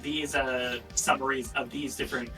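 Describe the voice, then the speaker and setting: A man's voice: medium pitch, level tone, moderate pace, pushed and bright, far from the mic, faint music behind, rough recording. A man playing a tabletop game, giving casual instructions that trail off. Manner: casual, trailing off mid-sentence. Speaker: player.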